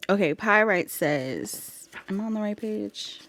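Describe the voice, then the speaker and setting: A woman's voice: mid-range voice, expressive, measured pace, fairly bright tone. Chatty woman giving a tarot reading. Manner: giggly, chatty, addresses viewers as y'all. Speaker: tarot reader. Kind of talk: casual pick-a-card tarot reading.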